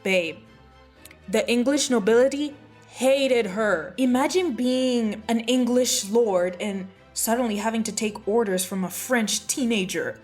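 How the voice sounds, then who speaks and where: A woman's voice: a little high, measured pace, a little mellow, soft background music. A woman host telling history in a casual, gossipy way, full of sassy, playful asides. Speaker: history vlogger. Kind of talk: casual chatty storytelling.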